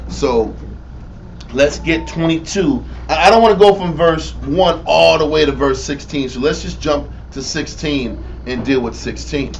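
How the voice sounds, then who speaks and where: A man's voice: a little high, a little slow. A man leading a bible study, teaching emphatically and prompting the reader with "Read on" and "Right?". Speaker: teacher leading a scripture reading. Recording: dull lo-fi audio with faint noise.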